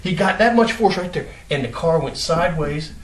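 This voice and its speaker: A man's voice: a little high, normal speed. A man casually telling a made-up story, acting out sounds and gestures as he goes. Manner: animated, acts out sounds and gestures. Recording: roomy echo, mic at a distance.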